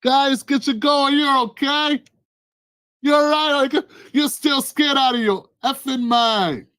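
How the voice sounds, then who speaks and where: A man's voice: extremely high pitch, slow, bright, forceful tone, pitched above the performer's own voice, exaggerated voice. A man doing a smug, falsely soothing home invader. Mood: mock soothing. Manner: mock-soothing, condescending. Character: smug male home invader posing as helper. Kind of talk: acted-out skit in a commentary vlog.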